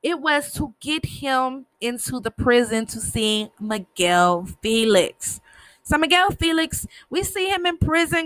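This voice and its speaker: A woman's voice: sits high, a bit bright, dry recording. A woman hosting a podcast, chatting casually through a TV episode recap and retelling scenes in her own words. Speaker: podcast host.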